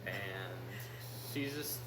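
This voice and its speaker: A young man casually telling a family story with his wife, animated in the lively parts. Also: low voice, very slow. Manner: animated, shouting in re-enacted bits. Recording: echoey room with noise.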